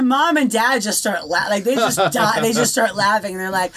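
A woman's voice: mid-range voice, a little fast, a crowd in the background. A woman in casual conversation, joking and telling a family story, acting out the voices of the people in it. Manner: joking, animated storyteller who acts out quotes.

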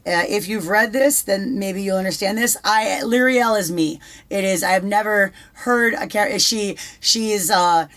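Young woman, casual podcast co-host, mid-pitched, swears a lot, stumbles and repeats words. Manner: swears freely, fast restarts and repetitions. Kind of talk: casual chat.

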